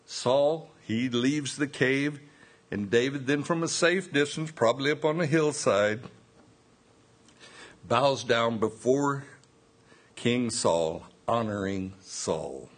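A man's voice: medium pitch, takes it slowly. A man preaching a sermon, reading scripture aloud and explaining the verses in plain asides.

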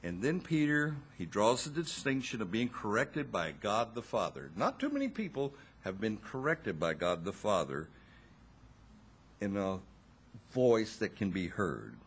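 A man preaching a sermon, slow and expressive, with dramatic pauses and wry asides to his listeners. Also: lowish voice, slight background noise.

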